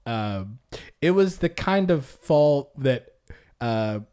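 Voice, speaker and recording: A man's voice: mid-range voice, slow, smooth. A man hosting a podcast in casual chat, joking and telling stories with put-on quoted voices. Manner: jokey, animated storytelling with put-on quoted voices. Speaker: podcast host.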